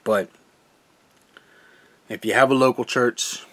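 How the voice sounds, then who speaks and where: A man's voice: medium pitch, steady tone, slow, fairly bright tone. A young man, a gaming channel host, talking casually and earnestly about his faith, rambling and laughing often. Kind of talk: casual personal testimony.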